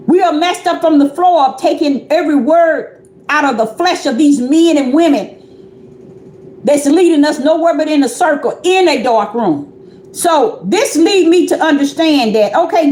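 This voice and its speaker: A woman's voice: high-pitched, darkish tone, roomy sound. A woman preaching on a livestream, pressing her point with repeated rhetorical questions.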